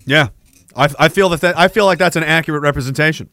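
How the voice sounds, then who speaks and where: A man riffing casually in a comic bit, animated and giggling often. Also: fairly high pitch, vocal fry, no room sound, studio quality. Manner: animated, giggling, quick to jump into voices.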